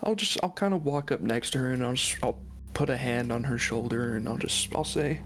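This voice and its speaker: A man playing a tabletop game, speaking in a gentle, halting way. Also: mid-range voice, background noise. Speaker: player.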